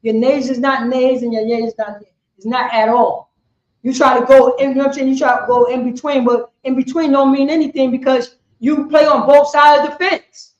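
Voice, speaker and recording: A man's voice: very high voice, level tone, brisk. A man giving rambling scripture teaching, constantly asking "you know what I'm saying". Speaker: religious teacher. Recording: echoey room, dull lo-fi sound.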